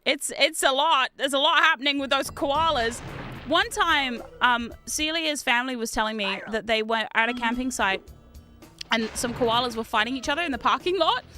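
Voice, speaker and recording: Over faint background music, a young Kiwi woman chats and swears her way through a game on her VTuber stream. She speaks at a normal speed in a high, bright, forceful voice.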